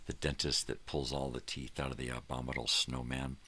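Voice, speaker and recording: A man's voice: very deep voice, little pitch movement, a little fast, sharp tone, breathy edge. An older man hosting a morning show, talking in a casual, rambling monologue full of fillers that trail off.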